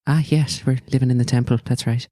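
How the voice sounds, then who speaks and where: A man's voice: mid-range voice, steady tone, warm tone, no room sound, studio quality, lightly acted. A man putting on a young Irish boy. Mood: earnest. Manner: halting, full of "uh" fillers, eager to please. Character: young Irish boy servant at a temple, earnest.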